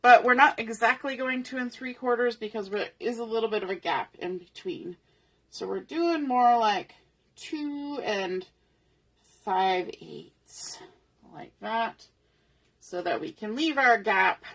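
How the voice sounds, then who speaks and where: A middle-aged woman talks slowly through a papercraft tutorial, her voice bright and a little high. She is chatty and explains each step aloud as she works at her craft table. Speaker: papercraft host.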